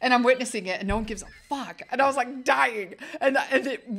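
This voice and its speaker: A woman co-hosting a podcast, telling a story in a casual, animated way with lots of laughter. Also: a little high, fairly quick, creaky. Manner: animated, laughing, acts out quotes. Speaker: podcast co-host.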